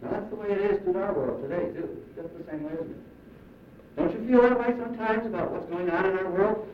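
A man preaching a sermon in an earnest, emphatic manner, slowing down to stress key phrases. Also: sits high, slight background noise. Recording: roomy, distant, muffled recording.

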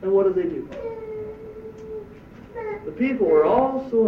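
An emphatic male pastor delivering a sermon, full of rhetorical questions, in a notably high voice. He sounds distant and a little muffled, with a roomy echo and faint background noise. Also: expressive, measured pace. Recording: echoey distant dull church recording.

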